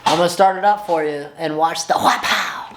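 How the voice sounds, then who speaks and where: A man talking casually in a home garage vlog as a motorcycle mechanic, exasperated and excitable, with a rambling way of talking. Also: fairly high pitch, brisk, very noisy.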